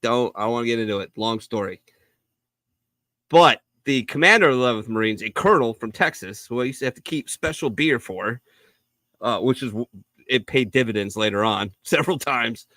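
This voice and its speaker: Bright-voiced man telling a profane story. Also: medium pitch, a little fast, no room sound. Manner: profane, rambling anecdotes with acted-out quotes. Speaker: podcast co-host. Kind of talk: casual storytelling on a live show.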